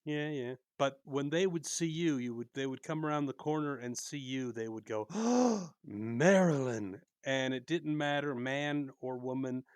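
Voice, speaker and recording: A man's voice: medium pitch, fairly even intonation, moderate pace, hardly any pauses, clear, resonant tone, dry recording. A man hosting a podcast, chatting casually and telling stories, acting out the voices he quotes. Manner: storytelling, acts out quoted voices. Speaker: podcast host. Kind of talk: casual chat.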